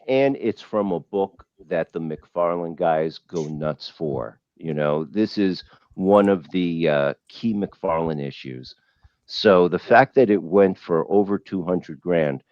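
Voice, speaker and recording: Casting: man with a very low voice, emphatic collector chatter, dull dry call audio. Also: a little mellow, dry recording. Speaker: comic art collector. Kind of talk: casual panel discussion. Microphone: video call.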